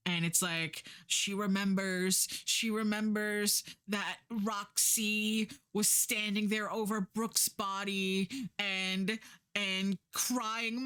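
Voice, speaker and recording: A woman's voice: medium pitch, fairly even intonation, takes it slowly, bright, forceful tone, clear, resonant tone. A young woman streamer casually recapping a story, blunt and exasperated, swearing and doing mocking voices for the characters. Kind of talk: casual chat recapping a book.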